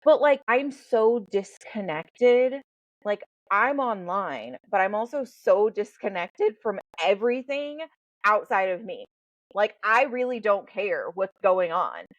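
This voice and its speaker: A woman who hosts a podcast and works as a life coach speaks slowly in a mid-range voice. She's blunt and candid, swears freely, and tells stories with animation, and the recording is dry and rough.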